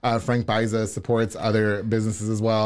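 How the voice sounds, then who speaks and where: A man hosting a podcast in a casual interview chat, switching between English and Spanish mid-sentence, pausing to search for words and laughing often. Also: lowish voice, little pitch movement, smooth. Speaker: podcast host.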